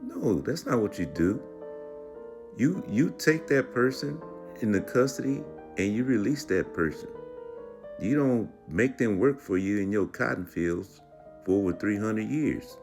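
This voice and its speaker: A man's voice: fairly low pitch, expressive, measured pace, gravelly, music in the background. A man giving reaction commentary in a preachy, lecturing way.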